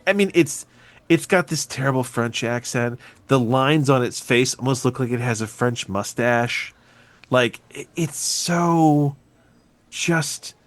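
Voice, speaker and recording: Animated, swearing man reviewing bad movies. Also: medium pitch, no room sound. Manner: animated, profane, quick to mock. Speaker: podcast co-host. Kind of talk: casual movie review chat. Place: podcast recording.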